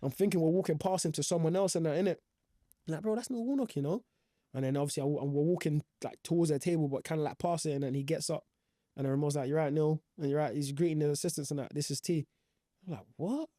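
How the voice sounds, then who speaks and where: Fast-talking young man telling a story. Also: fairly high pitch, steady tone, mellow, no echo, studio quality. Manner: slangy, rambling, full of fillers. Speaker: professional footballer guest. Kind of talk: casual storytelling.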